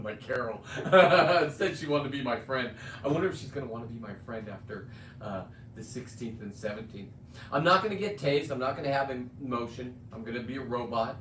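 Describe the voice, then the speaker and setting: This middle-aged male streamer has a brisk, mid-range voice with a bit of brightness. He hosts a ranting monologue, blunt and rambling, cursing and starting over, sounding off-mic in an echoey room with faint background noise.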